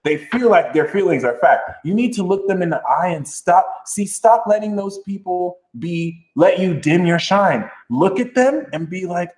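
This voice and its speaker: A man chats on a live astrology stream in a slightly high, very lively voice. He talks loosely and with a sassy bounce. The sound is roomy, with a clear echo off the walls. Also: moderate pace, hardly any pauses. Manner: animated, jumps into high sassy mock voices. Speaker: astrology livestream host. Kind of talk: casual livestream chat.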